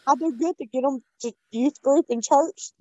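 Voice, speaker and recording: A woman's voice: high-pitched, moderate pace, dark tone, dry recording, muffled recording. A woman, a tearful caller asking a hesitant, heartfelt question. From Tennessee, US.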